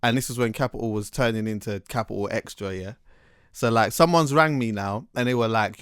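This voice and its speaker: A man hosting a casual chat, telling stories in an animated, slangy way with many restarts. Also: on the low side, brisk, clear, resonant tone, dry recording, clean studio sound.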